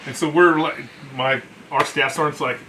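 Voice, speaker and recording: A man's voice: a little high, steady tone, normal speed, pushed and bright, slight background noise. A man, a Marine veteran, telling a casual war story in a salty, profane, self-interrupting way.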